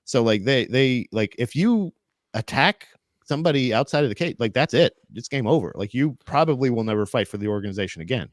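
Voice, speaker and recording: A man co-hosting a casual podcast chat, rambling with many restarts and quick asides. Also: mid-range voice, expressive, dry recording, clean studio sound. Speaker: podcast co-host.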